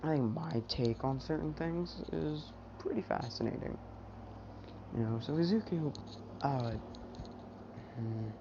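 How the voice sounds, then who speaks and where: A man's voice: on the high side, lively intonation, takes it slowly, creaky, long pauses. Rambling young man telling a fan story. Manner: rambling, full of fillers. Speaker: YouTube storyteller. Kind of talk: casual fan story retelling. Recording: dull, noisy home mic.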